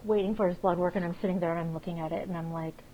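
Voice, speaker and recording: A woman co-hosting a podcast, chatting casually and telling rapid, animated stories full of swearing. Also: fairly low pitch, muffled recording, slight background noise. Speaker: podcast co-host. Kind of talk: casual chat.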